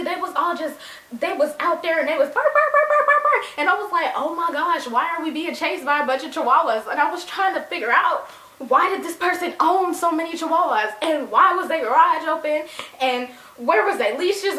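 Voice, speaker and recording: A young woman telling a casual storytime to her viewers, animated and acting out voices. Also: high-pitched. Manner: animated, addresses viewers as y'all, acts out quotes. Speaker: vlogger. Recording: echoey room.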